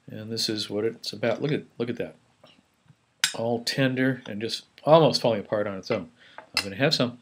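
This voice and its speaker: A man's voice: medium pitch, normal speed, background noise. A man in a casual home food video, chatting and rambling about his meal and stopping to chew between remarks. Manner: chatty, rambling, restarts, talks while chewing. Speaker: home cook vlogger. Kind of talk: casual food show-and-tell.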